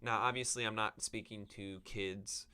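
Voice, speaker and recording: This is a man hosting a podcast, chatting loosely without a script and wandering between thoughts with plenty of ums. His voice sits a little low but sounds bright and forward. It is clean and smooth throughout. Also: fairly even intonation, measured pace. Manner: rambling, with many ums and self-corrections. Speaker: podcast host reviewing books. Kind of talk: unscripted casual podcast talk.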